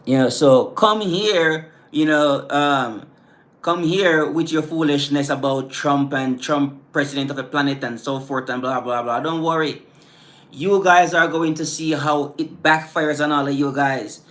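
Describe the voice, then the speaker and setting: A middle-aged Caribbean man with an island accent hosts a laid-back livestream, chatting with viewers and sprinkling in "man" and "you know." His voice is a little high and fairly bright, steady in tone and a touch slow.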